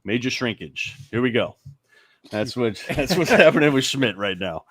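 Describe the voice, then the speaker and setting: Animated, lively-pitched man talking sports. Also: moderate pace, husky. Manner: animated, laughing, rambling with restarts. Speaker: sports radio co-host. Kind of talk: casual sports talk.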